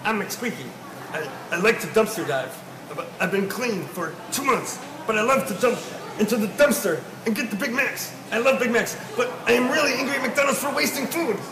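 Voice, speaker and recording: Man as a twitchy junk-food addict, stammering confession, high voice, echoey room, noisy. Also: normal speed. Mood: confessing. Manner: confessional, rambling, with nervous stammers. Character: jittery young male dumpster-diving burger addict. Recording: echoey room, clear noise.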